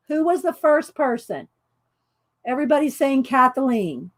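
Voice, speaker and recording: A woman's voice: high voice, big pitch swings, a little slow. A woman running a live craft demonstration, chatting with viewers and giggling often as she goes. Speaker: art journaling instructor.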